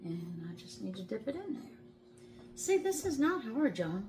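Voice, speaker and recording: With a sing-song, highish voice and a moderate pace, a middle-aged home cooking host chats casually in her kitchen vlog. There's background noise, and she's folksy and talkative, calling everyone y'all and laughing easily.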